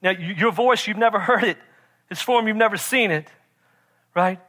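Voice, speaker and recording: High, bright-voiced preaching pastor. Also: male voice, moderate pace. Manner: emphatic, repeats "right?" to the congregation; swings from loud shouting to quiet intensity. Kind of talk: sermon.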